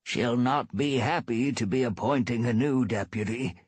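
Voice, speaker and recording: A man voicing an impatient, gossipy old tom cat elder, pitched a little above his own voice. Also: normal speed, slightly rough, dry recording, lightly acted. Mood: testy. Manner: testy and gossipy.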